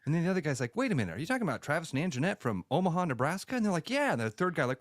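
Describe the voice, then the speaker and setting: A man's voice: fairly high pitch, racing. A man co-hosting a radio show, chatting casually and joking by acting out scenes from a movie. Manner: lively, jokes and acts out movie scenes. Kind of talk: casual chat.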